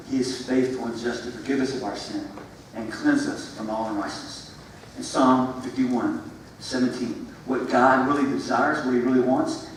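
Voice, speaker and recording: Animated man preaching in an echoey hall. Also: mid-range voice. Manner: animated, repeats phrases, swings from loud to hushed. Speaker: youth pastor. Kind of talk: sermon to middle schoolers. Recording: echoey room from far off, faint ambient noise.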